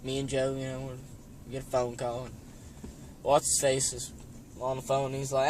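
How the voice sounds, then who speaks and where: A man's voice: medium pitch, completely flat delivery, moderate pace, pauses often, a little mellow, slight background noise. A young man telling a hunting story in a rambling, profane way, padding every line with "you know". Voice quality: rambling, heavy swearing, constant "you know". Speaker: storyteller vlogger. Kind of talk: casual storytelling.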